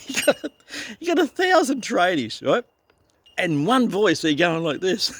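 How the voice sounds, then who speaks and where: Heated, animated older Australian man. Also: sits high, unhurried, long pauses, husky. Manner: blunt, profane, heated. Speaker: vlogger. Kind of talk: ranting monologue.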